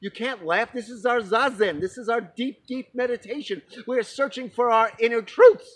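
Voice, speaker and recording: A man's voice: extremely high pitch, normal speed, breathy edge, voice pushed up. A man voicing a group of panicked male monks, pleading in alarm.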